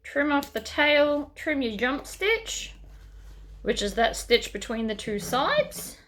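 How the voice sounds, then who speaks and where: A woman's voice: high-pitched, sing-song, slow pace, a bit bright, a little hiss or hum. A woman hosting a sewing tutorial, chatting casually as she works through each step.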